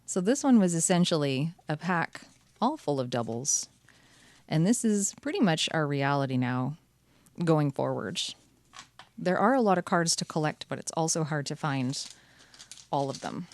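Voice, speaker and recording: A woman's voice: low voice, animated, moderate pace, a little mellow. A woman hosting her channel, chatting cheerfully through card packs with wry asides. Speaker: channel host. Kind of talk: casual card-opening commentary.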